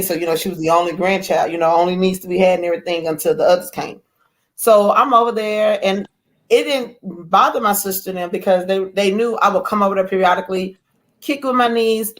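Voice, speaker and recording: A woman telling a marriage story in relaxed conversation, with a voice that sits at a middle pitch. She brings the tale to life with quoted lines in other voices. Her delivery is loose and animated. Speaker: guest author. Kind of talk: casual storytelling chat.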